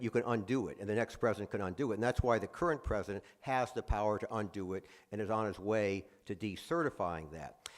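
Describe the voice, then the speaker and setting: Brief: male guest speaker, lowish voice, conversational lecture, halting with restarts. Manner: conversational, many fillers and restarts. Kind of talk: lecture-style talk. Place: presentation room at a museum.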